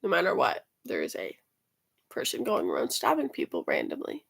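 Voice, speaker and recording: A woman's voice: a bass voice, huge pitch swings, normal speed, gravelly, husky. A woman casually telling a rambling story about her school week, swearing freely and trailing off into fillers and restarts. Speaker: student vlogger.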